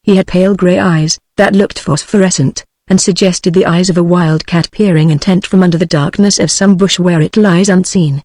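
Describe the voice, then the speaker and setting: A text-to-speech woman's voice with a British English accent, reading a novel aloud in an even, measured way. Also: on the low side, dry recording. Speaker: narrator. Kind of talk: synthetic audiobook narration.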